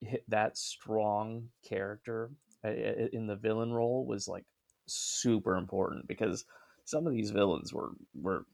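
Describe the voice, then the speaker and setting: A man's voice: lowish voice, gravelly. A man in casual chat, giving his opinions in a loose, rambling way.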